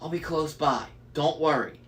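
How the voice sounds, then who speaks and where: A clever teenage girl taunts and shouts in a raised, higher voice, played by a man reading aloud. She sounds bold and sharp-witted. It is a storybook character voice. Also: moderate pace, far from the mic, close to an everyday voice. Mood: hushed.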